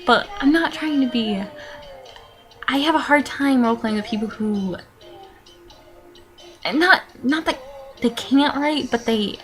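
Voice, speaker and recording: A nineteen-year-old woman casually rambling through follower questions in a vlog, with lots of fillers, sighs and little laughs. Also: fairly high pitch. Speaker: vlogger answering follower questions.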